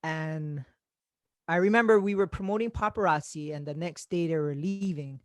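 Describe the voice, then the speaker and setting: A man, hosting a podcast and telling stories in casual chat, animated and swearing freely. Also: fairly high pitch, normal speed, no echo. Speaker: podcast host.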